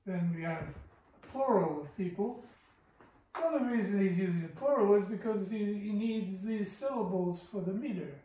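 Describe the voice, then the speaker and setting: A man's voice: high-pitched, normal speed, mellow, a little hiss or hum. A man teaching a Persian poetry lesson, patiently breaking lines of verse into syllables and explaining the meter. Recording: echoey room from far off.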